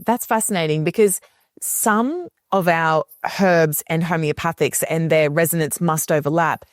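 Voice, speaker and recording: A woman's voice: low voice, measured pace, no room sound, clean studio sound. A woman, a homeopathy educator, explaining remedies in a casual podcast conversation and acting out quoted voices of kids and parents.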